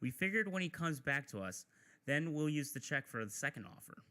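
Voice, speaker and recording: A man doing a calm, reassuring executive. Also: on the high side, a little hiss or hum, pitched above the performer's own voice. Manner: reassuring, measured. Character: calm male team executive defending a deal.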